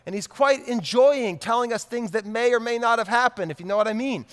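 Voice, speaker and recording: A male pastor in his thirties preaching with a notably high voice, casual and direct, circling back to repeat his main points. His sermon rings through a large hall with a long reverb tail. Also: fairly quick. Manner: conversational, repeats key lines for emphasis.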